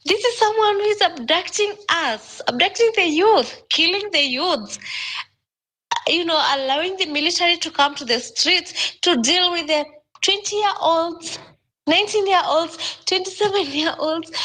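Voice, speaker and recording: A young Kenyan woman with a high voice speaks in an impassioned, urgent rush. She talks in a live audio chat room, often stumbling over repeated words as her feelings run high. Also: bright, forceful tone, low-quality recording. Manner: emotional, urgent, repeats words while searching.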